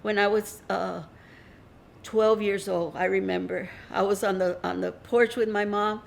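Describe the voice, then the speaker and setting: Gravelly older woman recalling childhood. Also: mid-range voice, fairly even intonation, a little slow, slight background noise. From North Side of Houston, USA. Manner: reflective, emotional, fond storytelling. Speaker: interviewee. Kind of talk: personal oral-history account.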